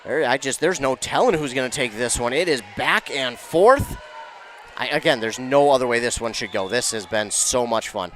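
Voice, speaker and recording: At a moderate pace, this male commentator calls a high school volleyball game with plenty of excitement, raising his voice to a shout on the big plays.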